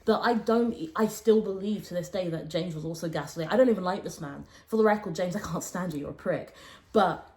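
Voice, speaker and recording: Animated young woman telling a story. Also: brisk. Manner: animated, swings between raised exclaiming and low, hushed quoting. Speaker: podcast host. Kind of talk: casual storytime chat.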